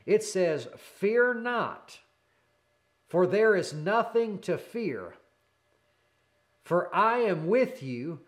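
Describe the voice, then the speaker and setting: High-voiced, fervent male preacher. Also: very slow, pauses often. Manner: fervent, repeats key phrases, addresses listener as friend; animated, speeds up when excited. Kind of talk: sermon.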